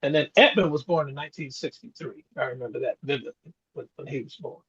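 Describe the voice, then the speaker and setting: A man's voice: medium pitch, fast talker, a bit bright, husky. A man in his sixties, a podcast co-host, telling reflective stories in casual chat. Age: 60s. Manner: storytelling, reflective, chuckles often. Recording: dull lo-fi sound.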